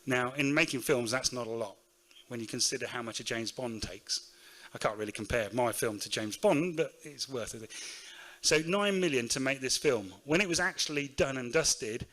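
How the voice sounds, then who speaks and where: A middle-aged man with a Northamptonshire accent, telling anecdotes in a storytelling talk at a conference. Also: medium pitch. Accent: Northamptonshire English. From England. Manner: lively anecdotal storyteller, acts out quotes. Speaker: keynote speaker, shoe factory owner. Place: conference room.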